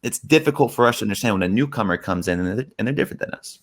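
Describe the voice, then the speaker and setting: A man hosting an interview, chatty and animated, with lots of casual fillers. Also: on the low side, very fast. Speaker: interview host. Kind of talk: conversational interview, storytelling.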